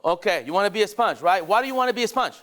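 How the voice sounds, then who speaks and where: A man leading a sales training session at a dealership, energetic and rallying, firing questions at the staff in the room. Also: sits high, racing.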